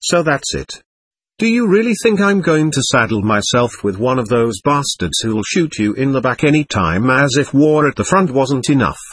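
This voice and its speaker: A man's voice: mid-range voice, expressive, moderate pace, a bit bright, breathy edge, no echo. A man voicing an impatient, harsh male army lieutenant who speaks brusquely and with contempt, recorded dry and close.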